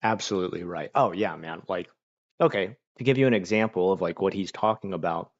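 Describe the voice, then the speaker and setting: A man's voice: deep voice, brisk, dry recording, muffled recording. A young man from Florida chatting casually on a livestream from home, reading chat and reacting with lots of fillers. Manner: chatty, animated when quoting people, many fillers. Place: home room.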